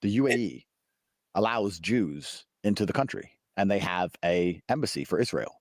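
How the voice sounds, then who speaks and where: A man's voice: deep voice, expressive, moderate pace, no room sound, studio quality. A man arguing his point emphatically and with sarcasm. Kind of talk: argumentative talk.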